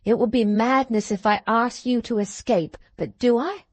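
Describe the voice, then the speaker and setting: A woman reading a calm, commanding young Englishman. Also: on the high side, normal speed, dry recording, natural voice. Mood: urgent, commanding. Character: steady, urgent young Englishman, selfless rescuer.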